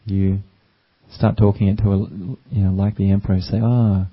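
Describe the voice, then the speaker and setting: A man giving a gentle, unhurried dharma talk as a meditation teacher, with frequent ums and uhs. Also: low-pitched, completely flat delivery. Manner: gentle, unhurried, with many fillers. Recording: dull lo-fi recording.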